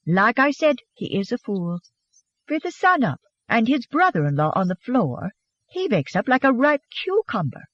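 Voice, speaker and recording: Narrator playing a teasing young wife, put-on Swedish accent, hushed whisper, high lively voice, dry dull audio. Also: moderate pace, no room sound.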